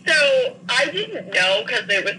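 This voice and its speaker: A young woman co-hosting a podcast, sarcastic and teasing, breaking into loud laughing rants. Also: a little high, big pitch swings, unhurried, slight background noise, rough recording. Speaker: podcast co-host. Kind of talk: casual chat.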